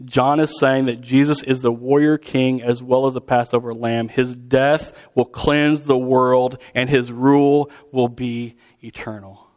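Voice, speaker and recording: A man's voice: mid-range voice, fairly even intonation, measured pace, few pauses, darkish tone. A man preaching in a conversational, storytelling way, acting out quotes with vivid voices. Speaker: pastor. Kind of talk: sermon.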